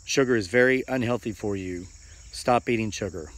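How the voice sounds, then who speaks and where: A man voicing a calm, wise old monk who speaks gently and slowly in a story. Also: lowish voice, natural voice.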